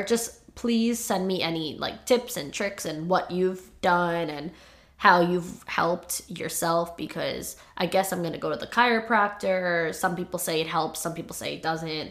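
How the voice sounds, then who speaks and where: A young woman hosting a podcast, confiding about her life in a rambling way, still choked up from crying. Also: lowish voice. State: choked up, tearful. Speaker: podcast host. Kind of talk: casual personal monologue.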